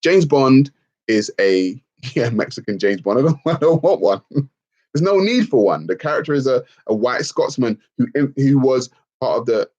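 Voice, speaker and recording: A man's voice: medium pitch, big pitch swings, moderate pace, darkish tone, muffled recording. A man hosting a livestream Q&A, ranting emphatically and swearing freely as he answers the chat. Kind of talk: livestream Q&A rant.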